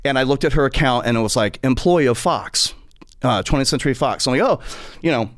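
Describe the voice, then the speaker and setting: Animated man telling funny stories. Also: mid-range voice, quick pace. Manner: animated, acts out voices in quotes, profane. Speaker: podcast host. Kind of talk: comic storytelling.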